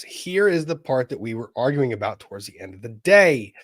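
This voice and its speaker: A man's voice: medium pitch, big pitch swings, a little fast, dry recording. A man hosting a legal livestream, speaking in a put-on Southern Virginian drawl with a theatrical, pompous manner. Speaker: lawyer and livestream host.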